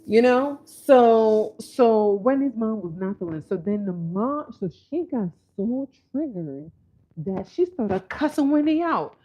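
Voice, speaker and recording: Lively woman recapping reality TV. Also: fairly high pitch, unhurried. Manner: animated storytelling, mimicking quotes. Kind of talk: casual commentary.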